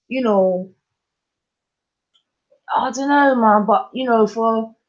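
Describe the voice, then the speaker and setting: A man's voice: high-pitched, a bit bright. Man musing aloud. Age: adult with children. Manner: musing aloud, keeps checking the listener follows. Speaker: podcast co-host. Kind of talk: casual chat.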